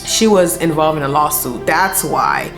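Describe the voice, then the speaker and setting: A woman's voice: sits low, wildly swooping pitch, a little slow, music in the background. A young woman vlogger telling a personal story in casual, slangy speech full of fillers. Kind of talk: storytime vlog.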